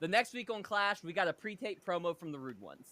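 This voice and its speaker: Bright high-voiced podcast narrator. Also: male voice, sing-song, a little fast. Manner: casual, laughs at his own jokes. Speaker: podcast host. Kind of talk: narrating a fantasy wrestling show.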